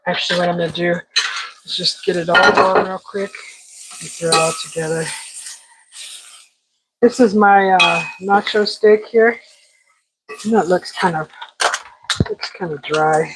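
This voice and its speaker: A woman's voice: on the low side, steady tone, measured pace, long pauses, heavy background noise. Chatty woman cooking in her kitchen. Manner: chatty, talks to the food while cooking. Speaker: cooking show host. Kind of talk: casual live cooking chat. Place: home kitchen.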